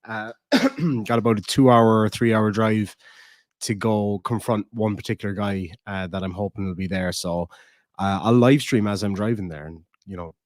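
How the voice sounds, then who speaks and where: A man's voice: on the low side, normal speed, no echo, studio quality. A man with an Irish accent hosting a casual livestream, reading donations and chatting loosely, swearing freely and cooing baby talk at his dog. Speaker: channel host.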